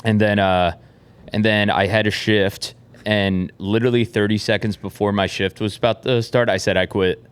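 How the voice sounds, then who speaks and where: A man's voice: lowish voice, flat delivery, normal speed, smooth. A man on a podcast telling an amused work anecdote in casual chat. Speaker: podcast guest.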